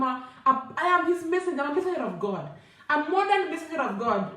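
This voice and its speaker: A woman telling a travel story to camera in a lively, laughing, casual way. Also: sits high, far from the mic. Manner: animated, laughing, code-switching. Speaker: vlogger. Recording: echoey room, off-mic.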